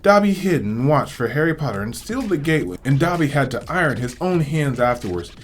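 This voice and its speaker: A man's voice: fairly high pitch, sing-song, fairly quick, voice pushed up. A man voicing a pitiful small male house elf who pleads and talks about himself in the third person. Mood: pleading.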